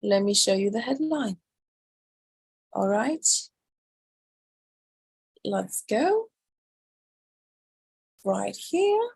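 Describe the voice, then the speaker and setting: Lady hosting a live news chat, slow talker, dry sound, reads headlines out and questions them. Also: mid-range voice, expressive, a little mellow, husky, dry recording, poor audio. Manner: chatty, incredulous, reads headlines aloud. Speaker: host. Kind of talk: casual news commentary livestream.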